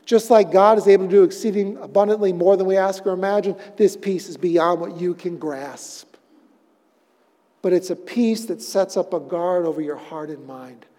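A man preaching a sermon as pastor, moving from loud emphatic phrases down to hushed, almost whispered words. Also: high-pitched, moderate pace, big-room sound. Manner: swings between loud emphatic lines and hushed near-whispers.

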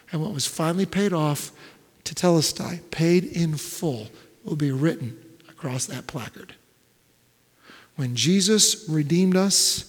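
A man preaching with a slightly high voice that rings out in a big hall with a long reverb. He pushes hard through stacked, emphatic phrases, then drops to a hush. The delivery is a pastor's sermon from start to finish. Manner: dramatic swings between loud emphatic build-ups and hushed near-whispers.

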